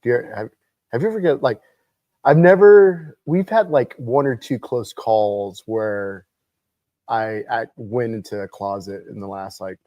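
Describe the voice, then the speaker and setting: A man's voice: medium pitch, unhurried, dark tone, no echo, lo-fi sound. A man co-hosting a casual morning talk show, chatty and often trailing off mid-thought. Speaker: co-host. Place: studio.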